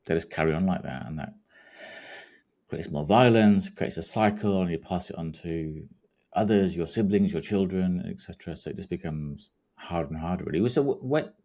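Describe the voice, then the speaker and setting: Deep-voiced male podcast host. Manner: measured, formal introduction then gentle questions. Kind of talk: interview.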